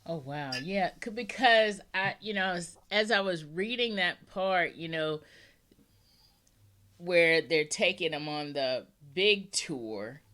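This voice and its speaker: A woman's voice: lowish voice, lively intonation, slow, fairly bright tone. A woman hosting a book podcast in a chatty, rambling way, laughing often as she talks. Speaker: podcast host. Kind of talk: casual interview chat.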